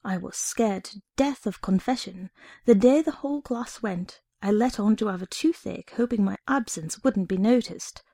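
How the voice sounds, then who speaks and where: Expressive woman storyteller for audiobook narration, warm and gravelly. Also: medium pitch, normal speed, dry recording, studio quality. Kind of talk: audiobook reading of a short story.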